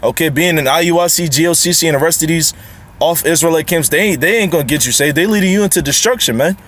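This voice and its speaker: A man giving an informal sermon to the camera. He talks in a casual, repetitive way, ends his lines with "man" and "okay?", and reads scripture aloud slowly between his remarks. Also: on the high side, fairly bright tone, a little hiss or hum. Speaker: lay preacher.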